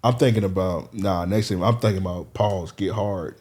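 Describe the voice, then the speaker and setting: A man's voice: low voice, steady tone, moderate pace, darkish tone. A man on a casual podcast, telling a long story, swearing freely and laughing as he goes. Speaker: podcast co-host. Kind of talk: casual chat.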